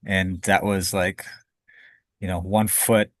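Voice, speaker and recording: Male guest, low voice, dry sound, candid and emotional storyteller who curses freely. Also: little pitch movement, slow pace, dry recording. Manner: emotional, candid, swears casually. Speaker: podcast guest.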